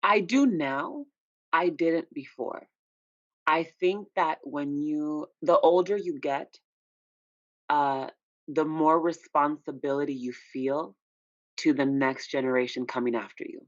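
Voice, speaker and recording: A man's voice: fairly high pitch, slow, dry recording. A man, a recording artist being interviewed, talking candidly and telling stories with frequent "you know" asides. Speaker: independent recording artist, guest. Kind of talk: casual interview chat. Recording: dull lo-fi dry recording.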